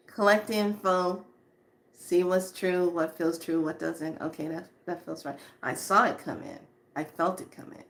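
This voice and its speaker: A woman spiritual teacher, her voice fairly low, delivers an informal spiritual talk to people watching. Lively and chatty, she laughs frequently and then slows into a quiet hush to deliver calming lines.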